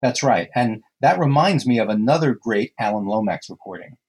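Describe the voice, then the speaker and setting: A man's voice: medium pitch, animated, moderate pace, a little mellow, breathy edge, low-quality recording. A male co-host explaining things in an enthusiastic, casual podcast style. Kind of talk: casual podcast talk about folk songs.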